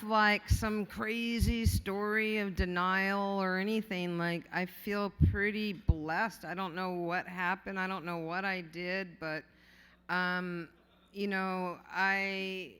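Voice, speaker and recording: A woman's voice: mid-range voice, pushed and bright, clean tone. A woman giving an off-the-cuff award acceptance speech, rambling and candid, joking and swearing casually, with many fillers and restarts, at a podium microphone in a large hotel ballroom. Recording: long ballroom reverb.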